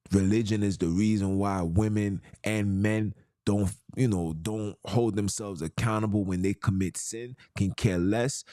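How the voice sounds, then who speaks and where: Male podcast host, low voice, dry close sound, slangy and emphatic, preaching in a loose monologue. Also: darkish tone, no echo. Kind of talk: casual monologue.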